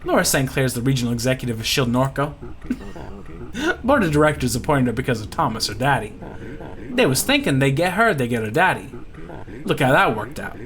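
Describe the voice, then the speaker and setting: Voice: mid-range voice, very animated, brisk, long pauses, fairly bright tone. A player putting on a drawling fugitive oil pirate. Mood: gossipy. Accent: put-on Louisiana drawl. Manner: folksy, drawling, plainspoken. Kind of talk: reading game dialogue aloud.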